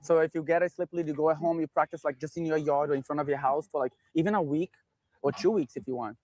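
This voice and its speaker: A man with a slightly raised pitch talks calmly as a dog trainer, mixing explanations with clipped commands to a dog. His voice sounds close and dry, with no room around it. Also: quick pace, dry recording. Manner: calm, instructive, gives short commands to a dog.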